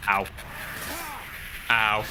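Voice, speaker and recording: A man's voice: on the low side, flat delivery, drawn-out words, music in the background. A man streaming a video game while sick with a cold, chatting casually and tagging his lines with "eh?". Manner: laid-back chatter, tags lines with "eh?".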